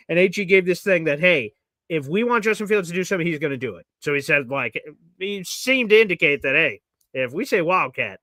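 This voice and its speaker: Bright-voiced animated sports talker, man. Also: a little high, normal speed, dry recording. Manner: animated, acts out quotes in a raised voice. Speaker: podcast co-host. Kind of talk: casual sports talk.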